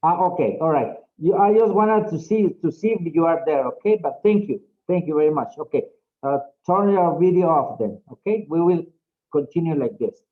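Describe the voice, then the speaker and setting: A man's voice: fairly high pitch, animated, moderate pace, narrow, tinny audio. A man teaching an English class over a video call, patient and encouraging. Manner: patient, encouraging, repeats okay often.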